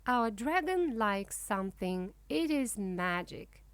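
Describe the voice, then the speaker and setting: A woman reads a children's storybook aloud, slowly and clearly, in simple first-person narration. Her pitch is fairly high and very expressive, rising and falling. The recording is close and dry, with no room sound. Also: no echo. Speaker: storybook reader.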